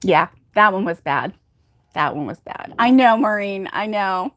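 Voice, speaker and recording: Giggly female crochet streamer, slow easy delivery, dry close sound, reads chat comments aloud. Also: medium pitch, animated, a bit bright, dry recording. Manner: giggly, laughs at her own puns. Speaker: crochet livestream host. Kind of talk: casual livestream chat telling corny jokes.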